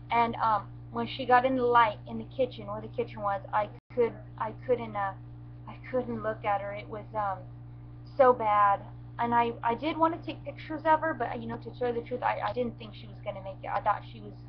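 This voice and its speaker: The audio is muffled with a faint hum as a goat owner shares her own emotional account of events. Her slightly high voice falters and shakes, with many restarts, and she seems close to tears.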